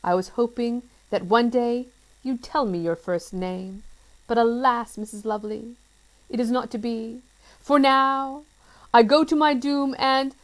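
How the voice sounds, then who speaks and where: A woman voicing a cheerful, dotty man from a children's storybook who talks in an excitable, flowery, theatrical way. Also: very high-pitched, a little slow, voice pushed up, poor audio. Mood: lovestruck.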